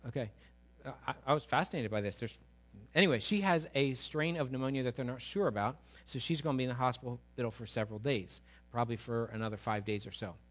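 A man preaching a sermon as pastor to his congregation. He swings from loud to hushed and keeps asking the listeners questions. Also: medium pitch, quick pace, hardly any pauses. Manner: asks the congregation rhetorical questions. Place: church sanctuary before a congregation.

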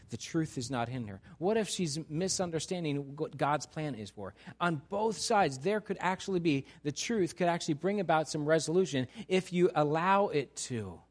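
A man preaching a sermon in a church, animated, acting out the voices of people he quotes. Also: a little high. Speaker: pastor. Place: church sanctuary.

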